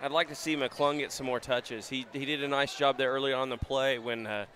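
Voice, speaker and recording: A man in a mid-range voice talks through a school basketball game in a loose, chatty way, pausing on small fillers as he thinks. Faint game noise runs behind him. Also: mid-range voice. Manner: relaxed, chatty, hesitant with fillers. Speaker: color commentator. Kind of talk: casual game analysis. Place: school gym.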